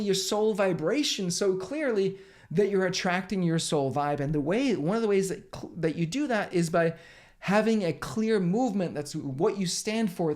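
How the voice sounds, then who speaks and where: A man hosting his channel as a business coach, giving an energetic, emphatic motivational talk to camera with casual swearing. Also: high voice.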